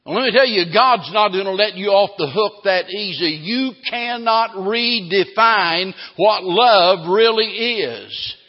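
A man with a high voice delivers a sermon emphatically, stretching out the words he wants to land. The sound is a little dull and lo-fi, with a long reverb from a large hall. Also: expressive. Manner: emphatic preaching, slowing down to stress key phrases. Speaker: pastor.

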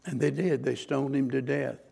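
A man's voice: mid-range voice, steady tone, normal speed, creaky, dark tone, husky. A man preaching a sermon as pastor, earnest and questioning, pressing his listeners with rising, emphatic points.

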